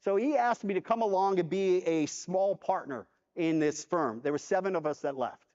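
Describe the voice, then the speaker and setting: Animated man telling a story on stage. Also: high-pitched, moderate pace. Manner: animated storyteller acting out dialogue. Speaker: conference keynote speaker. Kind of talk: storytelling keynote talk. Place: large convention hall. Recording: dull hall reverb from a conference stage.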